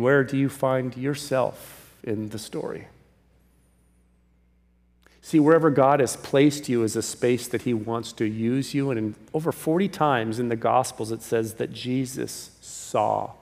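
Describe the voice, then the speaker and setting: A male pastor preaching a sermon, emphatic, swinging from loud calls to hushed pleas. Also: mid-range voice, creaky. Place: church sanctuary. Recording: long reverb of a large hall.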